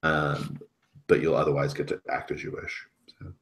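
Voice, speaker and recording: A man running a tabletop game as game master, narrating slowly and atmospherically. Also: very deep voice, fairly even intonation, fairly bright tone. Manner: slow and atmospheric in narration, casual when ruling.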